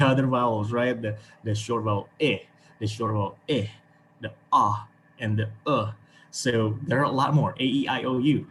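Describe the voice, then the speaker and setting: Man, Indonesian accent, English teacher, encouraging and repetitive, video call, faint hiss behind. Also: medium pitch. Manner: encouraging, repeats words, frequent okay and right. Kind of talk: online class teaching.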